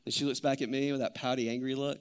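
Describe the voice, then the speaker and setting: A man in his thirties preaching a sermon, telling stories in an animated, conversational way. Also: mid-range voice, fast, smooth. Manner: animated storytelling, conversational with many "like"s. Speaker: pastor.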